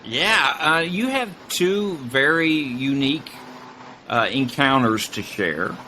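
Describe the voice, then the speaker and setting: A man hosting an interview show, friendly and relaxed, with some filler words. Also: medium pitch, slow pace, slight background noise. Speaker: podcast host. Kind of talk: casual interview.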